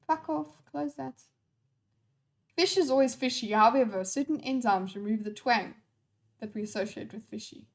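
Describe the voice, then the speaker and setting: A woman streamer with a high voice reads her chat during an unscripted live stream. She's playful and scattered, swearing freely.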